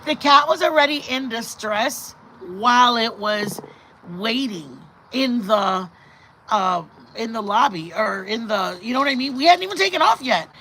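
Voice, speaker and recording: A woman's voice: fairly high pitch, unhurried, rough recording. Middle-aged female vlog host, chatty and rambling, faint hum behind her. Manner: rambling, animated, bursts of loud laughter. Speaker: channel host. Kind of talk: casual live-stream chat.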